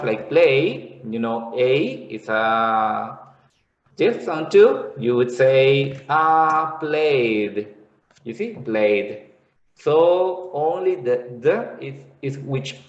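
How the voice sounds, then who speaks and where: Male teacher, patient classroom explaining; slow, roomy lo-fi sound. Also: mid-range voice. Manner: explains slowly, repeats words, checks in with "okay". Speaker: English teacher. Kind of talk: classroom lesson. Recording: echoey room, dull lo-fi sound.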